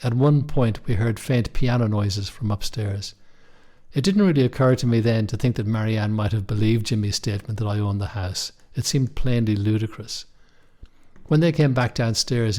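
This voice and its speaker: A young man narrating a first-person story in a measured, wry way. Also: lowish voice, a little mellow. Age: young adult. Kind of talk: scripted audiobook narration.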